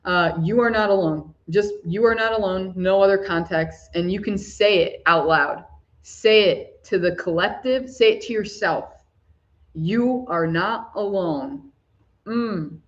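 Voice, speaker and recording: A woman hosting a live spiritual talk for chat viewers, soft-spoken and gushing, often breaking into laughs. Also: mid-range voice, a little slow, dull audio. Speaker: spiritual livestream host.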